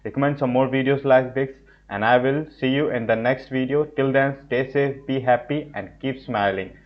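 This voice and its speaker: An earnest man hosts a reaction video, pausing and restarting as he heaps on praise. His pitch is ordinary for a man. The recording sounds dull and lo-fi. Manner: earnest, effusive, halting praise. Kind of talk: casual reaction commentary.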